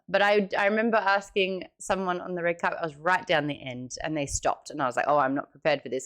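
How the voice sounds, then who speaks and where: A woman in her late twenties with an Australian accent hosts a book club livestream in casual chat. Her voice is on the low side and a bit bright, and she reads viewer comments aloud with sudden squeals and quick asides.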